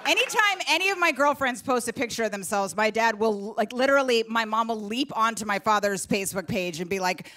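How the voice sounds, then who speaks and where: Woman stand-up comic, high voice, animated exasperated storytelling, TV studio stage. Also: a little fast, hardly any pauses, crowd noise, background noise. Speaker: stand-up comedian. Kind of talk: stand-up comedy set. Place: late-night TV studio stage.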